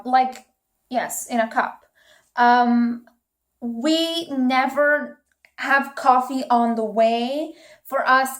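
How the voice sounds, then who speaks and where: High-voiced Italian woman vlogging. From northeast Italy. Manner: chatty, many ums and restarts. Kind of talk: casual talk to camera.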